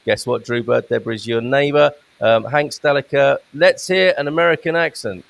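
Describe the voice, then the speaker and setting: Speaking at normal speed in a creaky, medium-pitched voice, this host runs a laid-back live-stream show over a video call from his home in Portugal. He chats and reads out comments from viewers.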